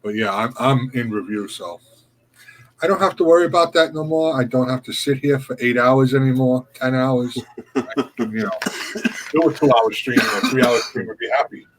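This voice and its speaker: A man's voice: mid-range voice, moderate pace, background noise. A man co-hosting a live stream, chatting casually and greeting viewers by name.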